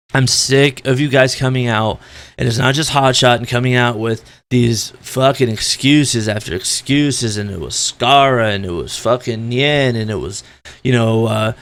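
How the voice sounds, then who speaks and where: A man in the middle of a blunt, exasperated rant for his vlog, swearing freely. His voice sits at an ordinary middle pitch. He jumps up in bursts, then sinks back into weary, slower stretches. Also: creaky, a bit bright. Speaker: esports commentator. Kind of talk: ranting opinion vlog.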